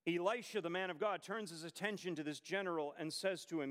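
In a large hall that gives his voice a long, ringing reverb, a high-pitched man preaches a sermon. He tells the story expressively and fairly quickly, with emphatic pacing, few pauses and pointed rhetorical questions, his tone a bit bright.

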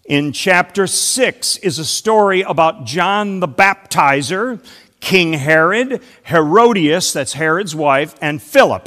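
A man with a high voice preaches slowly to his congregation, pausing to put questions to the room. His words ring out with a long reverb in a large church hall. He is unhurried and deliberate. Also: a bit bright. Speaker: pastor. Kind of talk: sermon.

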